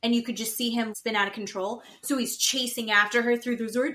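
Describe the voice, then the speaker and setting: A woman's voice: fairly high pitch, fast talker. A woman co-hosting a podcast, casually recapping a reality show and acting out what the cast said. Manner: animated retelling, acting out quotes. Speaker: podcast co-host.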